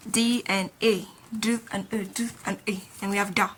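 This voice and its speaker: Woman, beginner language teacher, bright voice, patient and repetitive delivery. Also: medium pitch, fairly even intonation, a little hiss or hum. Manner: patient, repeats sounds slowly while writing. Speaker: Korean teacher.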